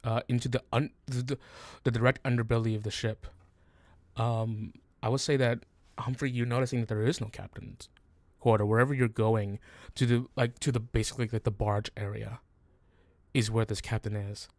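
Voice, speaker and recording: A man's voice: mid-range voice, steady tone, normal speed, darkish tone, no echo. Male game master, casual rambling narration, dry close mic. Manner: rambling, many fillers and restarts, laughs often.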